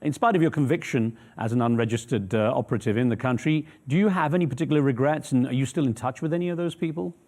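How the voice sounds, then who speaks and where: A man presenting the news, putting probing, measured questions to a guest. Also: mid-range voice, a little mellow.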